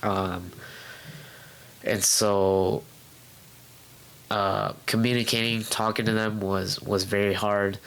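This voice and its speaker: A young man with a fairly low voice tells his personal story in a relaxed interview at home. He speaks candidly and haltingly, with frequent fillers and restarts, and slips into quoting his past self. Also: vocal fry, smooth, low-quality recording. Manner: acts out his past self in quoted outbursts. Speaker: guest. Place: home room.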